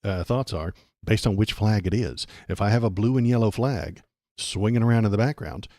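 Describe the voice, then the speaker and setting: A man's voice: lowish voice, normal speed, a little mellow, dry recording, clean studio sound. A man from Texas hosting a casual political livestream, rambling and sarcastic, restarting his sentences often.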